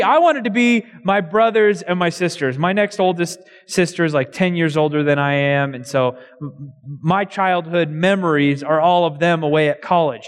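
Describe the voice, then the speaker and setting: A man's voice: on the high side, clear, resonant tone. A young adult male pastor preaching a sermon in a church hall, conversational and joking at his own expense. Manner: conversational, self-deprecating humor. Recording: long hall reverb.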